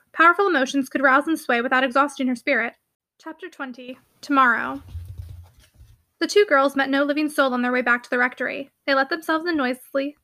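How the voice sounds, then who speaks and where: A woman reading a classic novel aloud as an audiobook narrator, with soft, hushed dialogue that rises expressively. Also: high-pitched. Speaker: audiobook reader.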